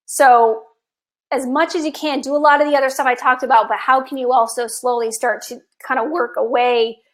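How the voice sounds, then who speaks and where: A woman in her fifties with a high voice, talking as a health coach on a live stream. She is chatty and enthusiastic. Her voice is a little hoarse from long talking. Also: steady tone, brisk. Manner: enthusiastic, chatty, with occasional laughs.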